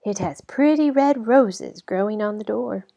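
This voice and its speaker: A woman doing a bright, gasping little girl in a red hood. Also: measured pace, creaky. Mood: cheerful. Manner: high, excited and breathless. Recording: slightly dull lo-fi recording.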